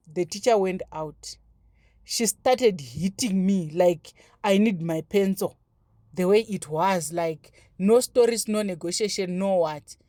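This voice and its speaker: A woman, telling a story from her childhood in a casual, animated way with lots of fillers and repeated words. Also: medium pitch, no room sound, studio quality. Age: 30s. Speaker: vlogger. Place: home, braiding her daughter's hair.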